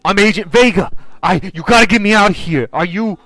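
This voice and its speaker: A man's voice: on the high side, big pitch swings, fairly quick, a bit bright, no room sound, pitched above the performer's own voice, exaggerated voice. A desperate agent in his thirties, as a game master puts him on, trips over his words in a panic. He begs for rescue in a raised, strained voice. It is a tabletop role-play scene. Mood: panicked. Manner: frantic, stammering, pleading.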